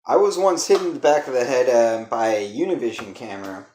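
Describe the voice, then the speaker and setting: A man's voice: mid-range voice, fairly quick, a little mellow. A man co-hosting a podcast in laid-back casual chat, often calling people "man". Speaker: podcast co-host. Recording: echoey room.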